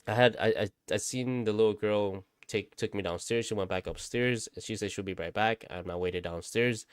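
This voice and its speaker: A man's voice: lowish voice, moderate pace, clear, resonant tone, dry recording, studio quality. A man casually telling a spooky story, rambling, repeating himself and swearing often. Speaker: vlogger.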